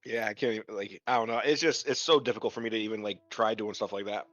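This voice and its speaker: A self-deprecating man with a bright, forward tone chatting with his gaming friends. He comes through a dull, dry, lo-fi home mic with faint music behind. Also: on the low side, fairly even intonation, fast, no room sound. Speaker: player. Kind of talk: casual chat between game sessions.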